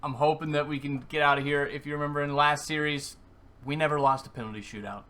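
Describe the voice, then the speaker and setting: A man commentating his own football video game match, swinging from calm play-by-play to excited yelling. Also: on the high side, fast. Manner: excitable, screams at goals, then deflated and muttering. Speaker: gaming YouTuber. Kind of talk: live gameplay commentary.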